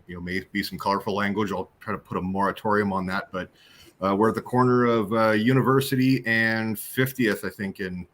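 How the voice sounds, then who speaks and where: A man with a low, bright and forceful voice tells stories in a loose, casual way. He is animated and jokey and stumbles over his words as he goes. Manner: animated, jokey, many restarts. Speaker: guest on hypnosis show. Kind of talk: casual storytelling.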